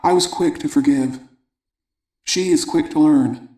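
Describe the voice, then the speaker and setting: A man with a fairly high but mellow voice reads an audiobook aloud. His delivery is measured and even, in the manner of scripted narration. The sound carries a roomy echo.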